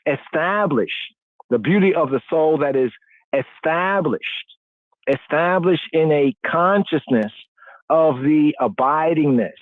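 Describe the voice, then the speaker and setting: A male podcast host lectures on scripture in a steady teaching cadence, circling back over his phrases and tagging them with "right?". His voice sits at a middle pitch. It comes through a thin, narrow phone-line sound with no room echo. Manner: repetitive teaching cadence, frequent "right?" check-ins. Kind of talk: call-in radio podcast teaching. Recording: dry tinny phone-line audio.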